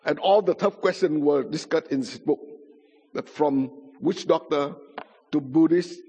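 Pastor testifying in an echoing hall. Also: male voice, on the high side, measured pace, dark tone, slightly rough. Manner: non-native English, simple grammar, dramatic retelling. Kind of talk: sermon testimony. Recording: muffled sound in a reverberant hall.

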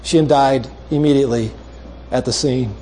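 A male preacher closing a sermon with a story, making earnest, repeated appeals and dropping soft and low for emphasis. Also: moderate pace, slight background noise.

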